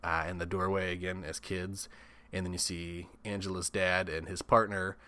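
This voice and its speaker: A man's voice: low voice, level tone, normal speed, bright, forceful tone. A man casually recapping a horror film, swearing often, chuckling and tossing in comic asides. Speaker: podcast host.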